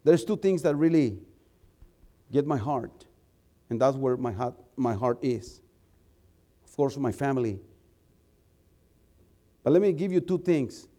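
A male preacher and missionary telling a story in a sermon, animated and repeating words as he gets excited. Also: mid-range voice, unhurried, pauses often.

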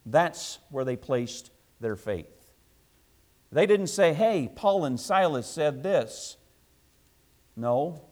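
A man preaching a sermon to a congregation, emphatic and repetitive, swinging between loud passages and hushed asides. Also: a little high.

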